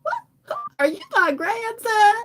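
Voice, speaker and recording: A woman's voice: very high-pitched, lively intonation, slow pace, a bit bright, slight background noise, voice pushed up, full character voice. A woman voicing a confused, innocent old grandmother who asks bewildered questions.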